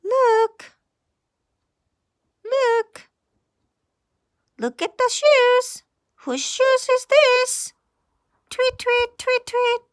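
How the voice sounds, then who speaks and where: A woman's voice: very high voice, steady tone, drawn-out words, long pauses, voice pushed up, full character voice. A woman voicing a small curious bird that chirps and asks questions, with a Korean first language. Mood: chirpy curious.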